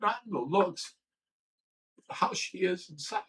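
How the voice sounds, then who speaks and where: A man's voice: high voice, expressive, slow pace, a bit bright, rough recording. A livestream host talking candidly and emotionally, rambling and swearing as he tells a personal story. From Ohio.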